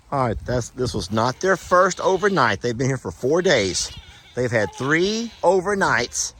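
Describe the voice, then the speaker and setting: A man's voice: medium pitch, sing-song, unhurried, a bit bright, a little hiss or hum. A middle-aged man talking casually to the camera and cooing at his animals outdoors on a farm. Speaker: farm vlogger.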